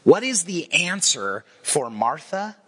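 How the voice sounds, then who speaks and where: A man in his forties preaching a sermon, telling the story with lively acted-out quotes. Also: fairly high pitch, takes it slowly, slightly rough. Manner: animated storyteller acting out quoted voices. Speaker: pastor.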